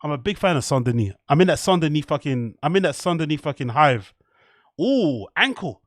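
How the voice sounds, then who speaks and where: Excitable young man streaming. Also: on the high side, brisk, no echo, clean studio sound. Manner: excitable, swears a lot, laughs often, mock French bits. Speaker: streamer host reacting to chat and fights. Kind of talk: casual live-stream chat.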